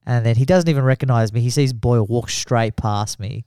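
A young man in a loose, foul-mouthed chat, rattling off a night-out story with plenty of laughter. His pitch sits in an ordinary middle range. The recording is close and dry, with no room sound. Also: a little fast, mellow, clear, resonant tone, dry recording. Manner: crude, swearing storyteller who laughs a lot. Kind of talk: casual chat.

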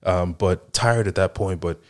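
A man's voice: low-pitched, a little slow. A man in his thirties from the Chicago area, hosting a podcast and telling casual, rambling stories, laughing often and peppering his talk with "like" and "right?". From Chicago area, United States. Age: 30s. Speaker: podcast host. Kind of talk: casual storytelling monologue.

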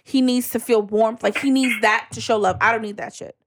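A woman's voice: fairly high pitch, fairly even intonation, fairly quick, background noise. A married woman talking bluntly in a casual group chat, repeating words for emphasis. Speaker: panelist.

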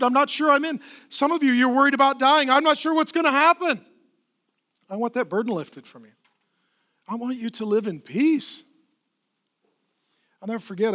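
A man's voice: sits high, a bit bright. A middle-aged man preaching a sermon, telling stories with retold dialogue and driving points home with repetition and rhetorical questions. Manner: conversational storytelling, retelling dialogues. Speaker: pastor.

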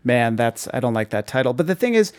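Chatty podcast co-host, dry sound. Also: male voice, mid-range voice, big pitch swings, fast talker, no echo. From Boston area, US. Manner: chatty, enthusiastic. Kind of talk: casual chat.

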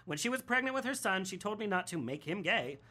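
A podcast co-host who reads listener letters and fires off sarcastic, mock-outraged jokes. The voice is bright and sharp, with a middle pitch. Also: big pitch swings, fast. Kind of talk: casual chat.

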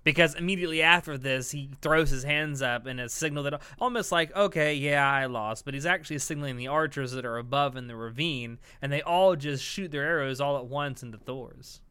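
A man's voice: on the high side, fairly quick, hardly any pauses, bright, forceful tone, smooth, no room sound. A man co-hosting a casual podcast, animatedly recapping an episode and swearing freely as he acts out quoted lines. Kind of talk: casual chat.

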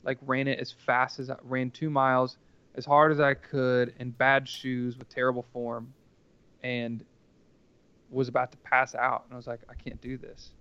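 A man's voice: mid-range voice, little pitch movement, moderate pace, pushed and bright, clean tone, dry recording, muffled recording. A man telling a personal story casually as a podcast guest, rambling and earnest, with lots of filler words.

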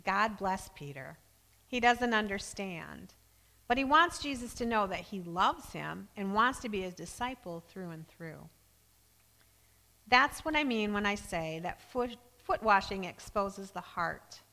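A woman delivers a sermon with a bright, forceful voice, putting earnest emphasis on the scripture she reads aloud. Her voice trails off into the long reverb of a church hall. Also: medium pitch, expressive, a little slow, creaky. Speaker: preacher.

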